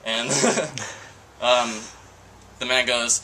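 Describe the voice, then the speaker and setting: A man's voice: mid-range voice, measured pace, pushed and bright, low-quality recording. A young man telling crude jokes among friends, laughing at his own lines and losing track. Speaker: joke teller. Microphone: handheld camcorder. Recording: faint background noise, home camcorder.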